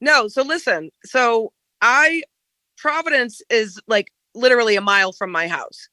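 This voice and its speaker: A woman's voice: a little high, a little slow, pushed and bright, no room sound. A woman from Rhode Island with a Rhode Island accent, chatting and telling stories in a casual group call. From Rhode Island, USA. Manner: chatty storyteller, tells local tales.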